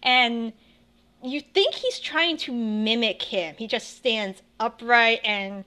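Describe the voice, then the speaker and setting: Bright-voiced young woman running a game. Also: fairly high pitch, slow pace. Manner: chatty, laughing, many restarts. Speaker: game master. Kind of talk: narrating a tabletop game.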